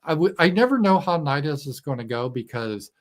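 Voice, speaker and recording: A man's voice: fairly high pitch, sing-song, fairly quick. Rambling male livestream host. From Arkansas. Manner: rambling, with many fillers and restarts. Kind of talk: casual livestream chat.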